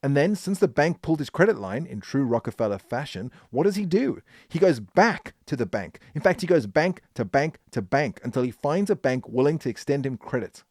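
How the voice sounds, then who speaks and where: A man hosting a podcast, telling a business history story in an animated, emphatic way. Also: medium pitch, a little fast, hardly any pauses, no room sound, studio quality. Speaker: podcast host.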